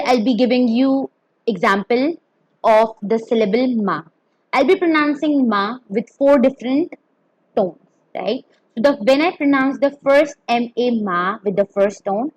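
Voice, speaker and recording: Woman teacher, slightly high voice, dry close recording, careful and deliberate delivery of a pinyin lesson. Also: slightly rough, no room sound, muffled recording. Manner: careful, demonstrates tones. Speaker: Mandarin teacher.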